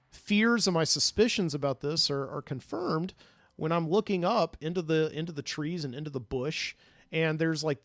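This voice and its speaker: A man's voice: fairly high pitch, fairly bright tone, no room sound, clean studio sound. A man, a podcast host, casually recounting a dream in a rambling way, full of fillers and restarts.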